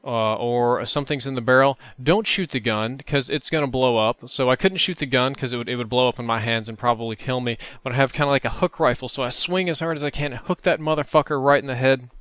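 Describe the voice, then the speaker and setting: A man host telling a dream story over gameplay in an animated, profane way. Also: medium pitch, quick pace, hardly any pauses, no room sound. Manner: animated, profane, vivid retelling. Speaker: gaming channel host.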